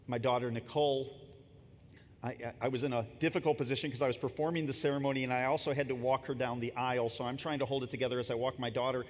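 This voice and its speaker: Speaking quickly in a steady tone, a fifty-something pastor gives a conversational, narrative sermon with casual asides to his listeners. The recording, made in a church sanctuary, has the long reverb and faint rumble of a large hall.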